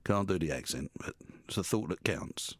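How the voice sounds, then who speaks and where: A man's voice: low voice, expressive, normal speed, breathy edge, no echo. A man presenting a radio show, bantering with guests in the studio in a rambling, teasing, self-mocking way. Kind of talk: jokey live studio banter.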